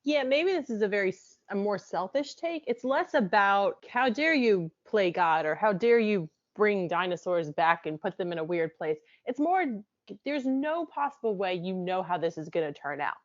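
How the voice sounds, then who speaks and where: A woman's voice: mid-range voice, animated, moderate pace, dry recording. Wry woman co-host, casual talk, dead dry and a bit muffled. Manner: wry, restarts sentences, laughs easily. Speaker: podcast co-host. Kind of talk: casual chat over wine.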